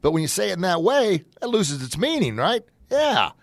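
A man hosting his own motivational talk show in a folksy, upbeat manner that jumps into excited shouts when he acts out examples. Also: sits high, moderate pace, no echo.

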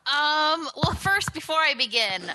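A woman's voice: sits high, big pitch swings, measured pace, noisy background. A woman co-hosting a TV podcast in casual chat, hesitant, with many ums and shrugging asides. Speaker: podcast co-host.

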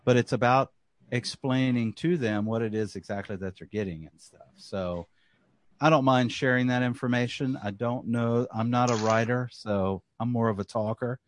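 A man with a Southern US accent who co-hosts a podcast and talks in a relaxed, talkative way, often repeating words as he starts a sentence. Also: medium pitch, normal speed, no room sound. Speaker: podcast co-host. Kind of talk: casual chat.

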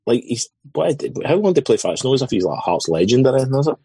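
A Scottish man on a football podcast panel, making dry deadpan jokes. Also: medium pitch, racing, husky, dry recording. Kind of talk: casual football chat.

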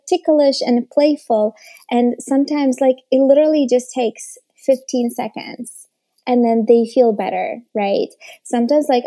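A young woman talks through parenting tips in a loose, chatty way, full of fillers. Her voice is gravelly and mellow, sitting a bit high. She sounds encouraging and reassuring. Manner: warm encouraging, many fillers. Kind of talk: casual advice chat.

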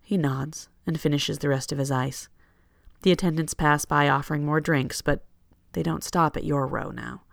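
Story narrator, gravelly, dry close sound, steady measured delivery. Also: mid-range voice, no room sound. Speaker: story reader. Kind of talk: second-person fiction narration.

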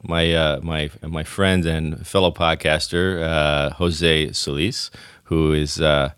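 A man with a deep morning voice hosting a casual podcast chat, rambling with restarts and fillers. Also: little pitch movement, slow pace, a bit bright, clear, resonant tone, dry recording, studio quality. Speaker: podcast host.

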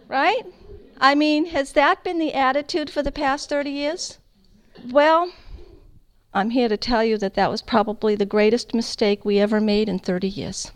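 A middle-aged woman giving a personal faith testimony to an audience, telling her story in a lively, emphatic way. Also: fairly high pitch, clear, resonant tone, no echo, rough recording. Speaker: founder of a Catholic radio ministry.

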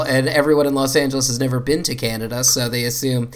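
A man's voice: medium pitch, steady tone, fast talker. Playful man on a comedy podcast. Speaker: podcast co-host. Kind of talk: casual comedic chat.

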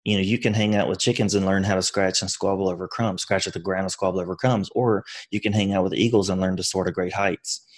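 A man's voice: sits low, flat delivery, quick pace, hardly any pauses. A man speaking as a podcast guest, giving earnest motivational advice with frequent restarts. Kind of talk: conversational interview.

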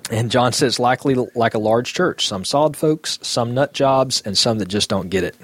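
A man with a Southern US accent co-hosting a podcast in casual chat, easygoing and hesitant with many filler pauses. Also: mid-range voice, no echo. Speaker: podcast co-host.

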